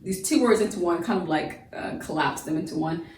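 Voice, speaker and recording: A woman's voice: on the low side, brisk, a little hiss or hum. A woman homeschool teacher giving a recorded grammar lesson, chatty and repetitive, often restarting her sentences. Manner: chatty, repeats and restarts, many fillers. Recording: roomy echo, voice from a distance.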